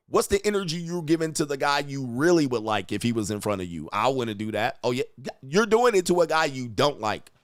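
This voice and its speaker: A man's voice: fairly high pitch, no room sound. Blunt, crude man mocking on a dry mic. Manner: blunt, crude, mocking, acts out quoted voices. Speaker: host reacting to video clips. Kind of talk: profane commentary on relationships.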